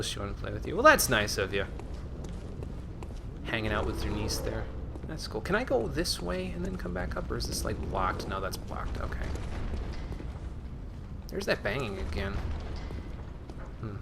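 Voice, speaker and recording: A man's voice: on the low side, sing-song, moderate pace, gravelly, long pauses, noisy background. Chatty man streaming a game. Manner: chatty, mutters to himself, reads chat aloud. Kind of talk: live gameplay commentary.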